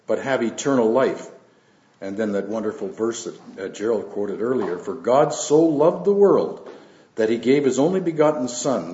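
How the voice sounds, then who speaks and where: Male pastor, mid-pitched, unhurried sermon with scripture readings and asides, roomy dull church recording. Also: mellow. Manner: unhurried, with fillers and asides between verses.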